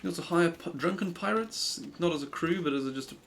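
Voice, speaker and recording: A man's voice: fairly high pitch, fairly even intonation, racing, slight background noise. A young man streaming a game, rambling and self-deprecating in casual commentary.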